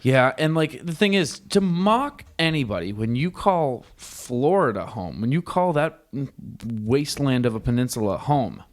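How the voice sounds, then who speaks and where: A young man chats easily on a podcast, dry and unhurried. He speaks at an ordinary pitch and fills his sentences with small hesitations. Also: very animated. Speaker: podcast co-host. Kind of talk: casual chat.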